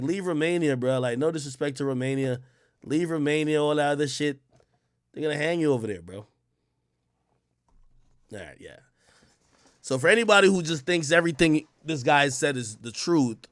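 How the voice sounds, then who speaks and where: A man's voice: a little high, expressive, normal speed, pauses often, a bit bright, dry recording, clean studio sound. A young man hosting a livestream, ranting casually and heatedly, full of profanity and rhetorical questions. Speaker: livestream host.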